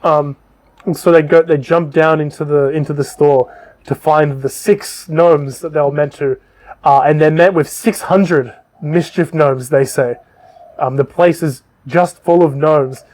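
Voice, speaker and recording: A man's voice: on the high side, fairly even intonation, unhurried, darkish tone. A man co-hosting a casual podcast, loosely retelling a book's plot with lots of ums and swearing. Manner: loose and rambling, frequent ums and profanity. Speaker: podcast co-host.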